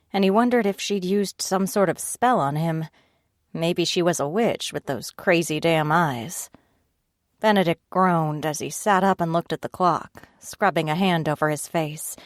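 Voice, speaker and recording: Woman, audiobook narration, steady measured reading, low voice, dry close sound. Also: dry recording.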